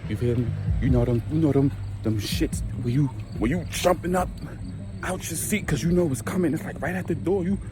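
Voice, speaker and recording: A man's voice: on the high side, a little fast, noisy background. A young man tells a casual, profane storytime monologue and acts out his own reactions. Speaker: storyteller vlogger.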